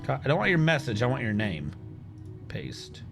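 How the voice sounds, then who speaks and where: Over music, a man streams a game with a mid-range voice marked by huge pitch swings, vocal fry and a moderate pace. He mutters casually to himself and hums now and then during the gameplay commentary.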